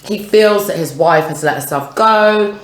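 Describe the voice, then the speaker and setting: A woman's voice: mid-range voice, a little slow. Chatty woman host in an echoey room. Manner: chatty, leads the talk with questions. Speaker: vlog host. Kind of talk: casual chat while eating. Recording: roomy echo, faint noise.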